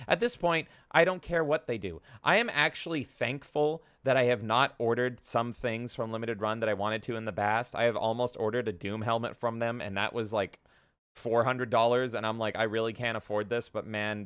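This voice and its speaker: A man's voice: fairly low pitch, fairly bright tone, clear, resonant tone, no room sound, studio quality. A man co-hosting a podcast, ranting heatedly and profanely, slipping into mocking quoted voices. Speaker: podcast co-host. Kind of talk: casual podcast rant.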